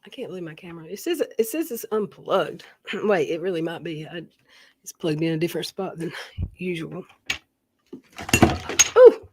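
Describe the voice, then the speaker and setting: A woman streamer in casual chat, relaxed and asking short questions. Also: fairly low pitch, moderate pace, long pauses, a little hiss or hum. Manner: relaxed, asks short questions, laughs along.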